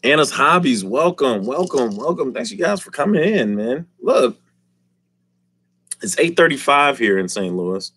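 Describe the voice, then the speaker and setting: A man's voice: medium pitch, very animated, measured pace, fairly bright tone, slightly rough. A man hosting a casual live stream, joking and teasing the chat and laughing often. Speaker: livestream host.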